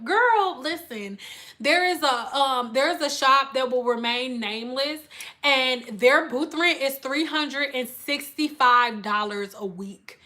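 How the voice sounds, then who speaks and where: A woman hairstylist with a high, bright voice talks to her live-stream viewers. She speaks bluntly and emphatically in a casual chat. She slips into exaggerated voices when she quotes her customers. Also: takes it slowly. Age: adult with school-age children.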